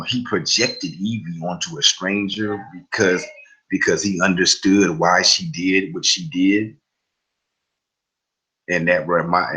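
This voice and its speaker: Young guy with a real low voice recapping a show, chatty and loose, lots of ums. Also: sharp tone, low-quality recording. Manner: chatty, loose storytelling with fillers and asides. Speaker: TV recap host. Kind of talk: casual TV episode recap.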